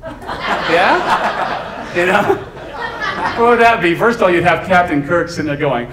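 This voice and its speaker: A man doing stand-up comedy for a live audience, chatty and animated, often laughing at his own jokes. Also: high-pitched, measured pace, pauses often, a loud crowd. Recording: echoey room, audience laughter, noise.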